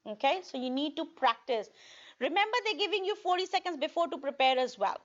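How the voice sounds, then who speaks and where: High-voiced woman teaching test prep. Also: lively intonation, fairly quick. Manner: repeats points, checks in with "okay?". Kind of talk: online video lesson. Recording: dull lo-fi recording.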